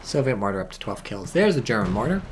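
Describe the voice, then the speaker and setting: A man giving casual, rambling game commentary full of swearing, tired and a bit drunk, with sudden bursts of excitement. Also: on the low side, fast, slight background noise.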